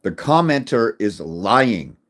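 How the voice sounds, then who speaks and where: A man's voice: on the low side, big pitch swings, takes it slowly. Blunt, combative middle-aged man ranting. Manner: combative, crude, many restarts, swings loud when making points. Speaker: fathers' rights advocate. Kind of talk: blunt direct-to-camera rant.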